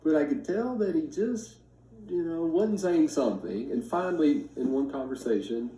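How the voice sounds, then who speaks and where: A man in his fifties telling a story casually to family and friends, acting out the quoted voices with lively emphasis. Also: on the high side, normal speed. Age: 50s. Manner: animated, acts out quoted speech. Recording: roomy sound from a distance.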